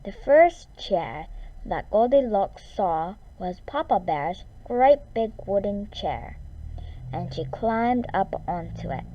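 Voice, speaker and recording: Slow, expressive woman reading a story. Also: mid-range voice. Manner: slow, expressive read-aloud with whispered asides. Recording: dull lo-fi recording.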